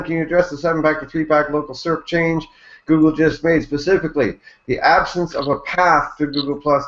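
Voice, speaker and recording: Hesitant man in an echoey room. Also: a little high. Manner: halting, filler-laden delivery. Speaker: panelist reading audience questions. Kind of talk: casual group video chat. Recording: echoey room on dull call audio.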